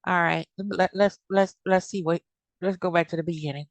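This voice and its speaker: A woman's voice: on the low side, steady tone, moderate pace, dry recording. A woman giving blunt, heated commentary in a casual vlog, cursing freely. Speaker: commentary vlogger.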